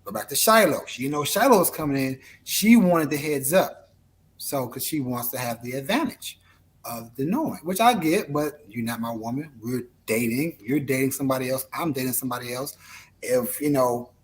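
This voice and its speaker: A man's voice: mid-range voice, animated, normal speed. A man as an interview guest, telling a story in a laid-back, rambling way full of fillers. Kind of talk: casual storytelling.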